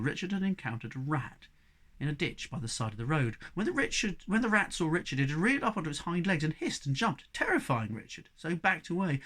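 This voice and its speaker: Man giving a measured audiobook reading. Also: fairly high pitch. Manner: measured, expressive storytelling. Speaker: reader. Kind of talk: audiobook narration.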